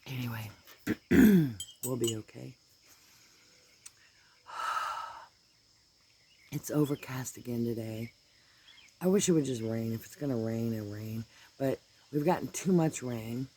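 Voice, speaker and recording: A man's voice: mid-range voice, slow pace, pauses often, warm tone, slight background noise. A man with an allergy-stuffed voice chatting casually and rambling while filming outdoors in his garden on a phone. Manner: rambling, easygoing, drifts into asides. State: congested from allergies. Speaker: vlogger. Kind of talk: casual chat.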